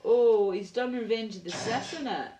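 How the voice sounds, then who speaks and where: A woman's voice: on the high side, moderate pace, dark tone, poor audio. A Scottish woman live streaming, chatting bluntly and casually, swearing and reading out video titles as she goes. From Scotland.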